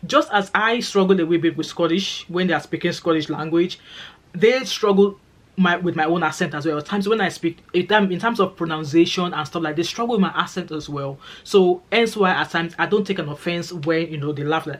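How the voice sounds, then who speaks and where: A middle-aged woman and nurse, talking fast and chatty straight to camera in a casual vlog. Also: low voice. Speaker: vlogger and nurse.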